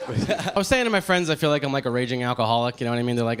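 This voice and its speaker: A man in his thirties from New Jersey doing a nervous stand-up set on a comedy club stage, halting and full of fillers. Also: medium pitch, expressive, clear, resonant tone. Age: 30s.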